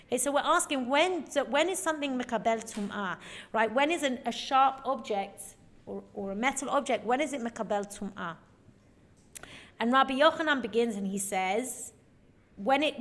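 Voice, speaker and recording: A woman's voice: on the high side, normal speed, a bit bright. Earnest woman giving a lecture. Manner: earnest, emphatic, checks in with listeners. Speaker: Torah teacher. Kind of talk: recorded lecture.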